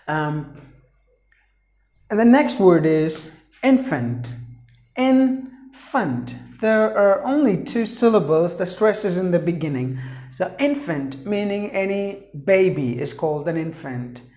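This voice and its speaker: A man's voice: high-pitched, animated, measured pace, a little mellow, echoey room. A man teaching a pronunciation lesson, repeating each word several times and drawing it out for drilling.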